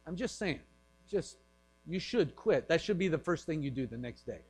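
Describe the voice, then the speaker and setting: Pastor, male, light-pitched, casual joking delivery with hushed acted asides; faint electrical hum. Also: animated, normal speed, rough recording. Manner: joking, acts out voices in quiet asides. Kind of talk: conversational sermon.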